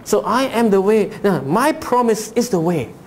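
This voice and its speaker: A man's voice: high voice, lively intonation, normal speed, a little hiss or hum. A male pastor preaching a sermon, asking rhetorical questions and acting out voices as he reads scripture.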